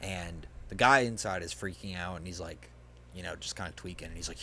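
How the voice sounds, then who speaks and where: Bright-voiced man running a spooky game. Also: sits low, a little hiss or hum. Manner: casual, chuckling, quick to play characters. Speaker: game master. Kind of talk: narrating a hypothetical scenario.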